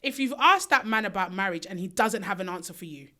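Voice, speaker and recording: A young woman co-hosting a chat podcast, talking in slangy, animated bursts that slip into mock-preacher declarations. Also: mid-range voice, fast talker. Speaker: podcast co-host.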